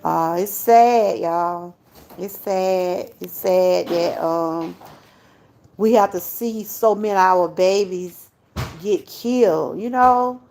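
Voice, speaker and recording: A woman's voice: on the low side, slow, a little mellow, a little hiss or hum. An older woman, hosting a casual livestream, chatty and laughing often as she talks straight to her viewers. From Georgia, US. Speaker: livestream host.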